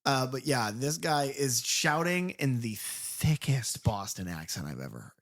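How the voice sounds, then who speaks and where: A man's voice: medium pitch, unhurried. A man co-hosting a horror film podcast, talking in a casual, profane and jokey way. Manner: animated, profane, jokey asides. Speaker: podcast co-host.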